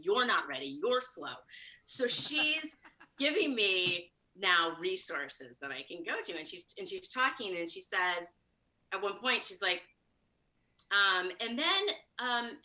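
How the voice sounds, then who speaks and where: A woman comedian from Chicago telling a story at a fast, high-energy clip, acting out the quoted lines. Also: sing-song, pushed and bright, rough recording. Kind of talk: live storytelling monologue.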